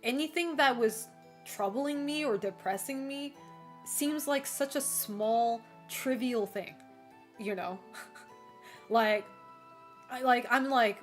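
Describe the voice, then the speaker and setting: A woman's voice: on the high side, slow, long pauses, soft background music. A young woman livestreaming, chatting casually and rambling with lots of fillers, casual swearing and frequent laughter. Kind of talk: casual chat while streaming.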